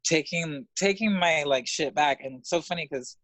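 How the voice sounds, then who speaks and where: A man's voice: moderate pace, no echo. Dry-sounding man telling raw stories. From Los Angeles, USA. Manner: animated, profane, laughs often, jumps up in pitch when excited. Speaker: interview guest. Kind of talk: candid storytelling in conversation.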